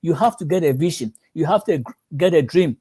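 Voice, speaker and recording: A man's voice: fairly high pitch, lively intonation, fairly quick, mellow, breathy edge. A man preaching a sermon as a pastor, telling stories and acting out the voices of the people in them.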